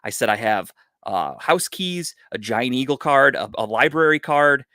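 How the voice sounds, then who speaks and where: A man's voice: medium pitch, normal speed, no room sound, studio quality. A man telling a long story on a casual podcast, swearing a lot and acting out what everyone said. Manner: profane, animated storyteller. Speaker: podcast co-host.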